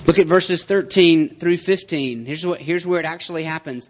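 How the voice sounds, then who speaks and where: A man's voice: on the high side, moderate pace, few pauses. A man preaching a sermon in a conversational, emphatic style, with many rhetorical questions. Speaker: pastor. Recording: dull lo-fi sound.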